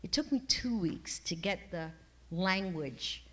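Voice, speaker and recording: A middle-aged woman sharing an emotional personal testimony in a church class, rambling and halting, with many fillers and restarts. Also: lowish voice, lively intonation. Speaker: class member giving a testimony.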